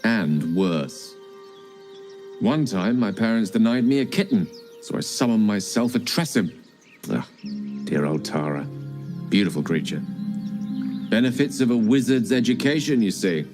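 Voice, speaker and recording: A man's voice: fairly low pitch, lively intonation, a little slow, pauses often, darkish tone. A man voicing a charming, self-assured male wizard in a video game, speaking with a witty, theatrical manner. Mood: wry. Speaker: game character. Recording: game audio with music underneath. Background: game music.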